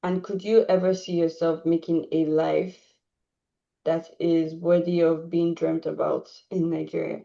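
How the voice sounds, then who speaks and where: Brief: woman podcast host, low and gravelly, reflective questions, dull lo-fi sound. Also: level tone, unhurried, mellow. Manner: reflective, asks long questions. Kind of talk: casual interview. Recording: dull lo-fi recording.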